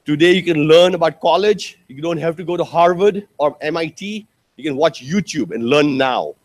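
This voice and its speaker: A man giving a conference keynote, telling stories with lively, acted-out quotes and asking the audience questions. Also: normal speed. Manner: animated storytelling, acts out quotes with big pitch jumps; addresses audience directly, rhetorical questions. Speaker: keynote speaker. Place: conference hall.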